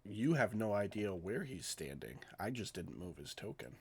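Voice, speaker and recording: A man acting as game master, calmly narrating combat results and calling on players in turn. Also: low voice, moderate pace, slightly rough, no room sound. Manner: calm, matter-of-fact narration of combat results. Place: home streaming setup.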